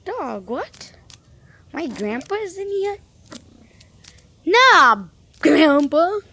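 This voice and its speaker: A woman's voice: high-pitched, sing-song, very slow, sharp tone, full character voice. Woman voicing a cheeky slang-talking house cat. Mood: baffled. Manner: slangy, teasing, playful. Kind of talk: comic voice-over for a pet video.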